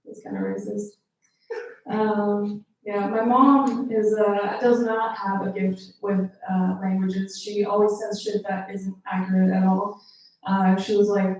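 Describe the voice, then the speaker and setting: A woman from Mongolia doing a stand-up set in a comedy club, with deadpan asides. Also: moderate pace. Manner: deadpan asides, jumps to high put-on voices for quotes. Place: small comedy club stage. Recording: roomy club sound from a distance.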